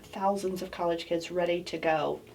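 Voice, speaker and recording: A woman in her forties tells a story in a relaxed, conversational way, often breaking into laughter. Her voice sits a little back from the microphone, with a faint hiss underneath. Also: fairly low pitch, moderate pace, creaky, recorded from a distance, low-quality recording. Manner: chatty storyteller, animated with laughter. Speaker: co-host. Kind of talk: casual chat. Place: office studio, indoors.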